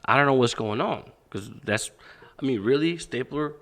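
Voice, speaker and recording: A man guest on a podcast, a fitness and boxing coach, telling a story in casual, animated talk with plenty of swearing and acted-out dialogue. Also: medium pitch, normal speed.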